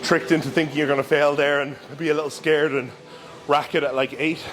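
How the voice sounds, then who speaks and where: A man giving casual, instructive commentary during his own gym workout, talking through form cues in a relaxed way. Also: on the high side, a little fast. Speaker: bodybuilder and coach. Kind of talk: casual training vlog commentary.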